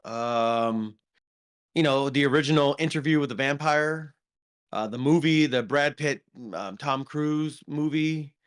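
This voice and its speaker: In a casual movie review chat, a podcast co-host rambles along in a slightly high, smooth voice at an unhurried pace, stumbling through plenty of ums and restarts.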